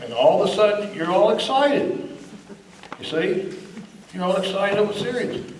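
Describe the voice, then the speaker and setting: A man with a fairly high voice speaks at a political meeting, emphatic and scornful in tone. He is picked up from across an echoey room with faint background noise. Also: expressive, normal speed. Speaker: guest speaker. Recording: echoey room, recorded from a distance.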